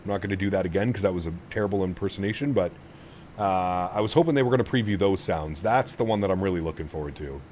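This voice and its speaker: A man's voice: sits low, quick pace, darkish tone, slight background noise. A man streaming a flight simulator, chatting casually with his viewers and cooing at his dog. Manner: chatty, reads chat aloud, coos at his dog. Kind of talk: casual live-stream chat.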